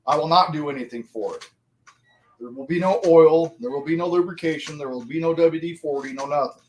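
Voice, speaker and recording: A man's voice: on the high side, fairly quick, a little mellow. A man in his forties chatting casually to viewers on a livestream, rambling and swearing constantly. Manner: rambling, addresses viewers directly. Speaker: live streamer.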